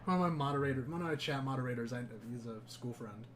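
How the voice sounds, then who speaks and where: A man's voice: medium pitch, fast talker, crowd noise. A man streaming a video game, chatting casually, joking and swearing freely. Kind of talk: casual chat while gaming. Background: game music.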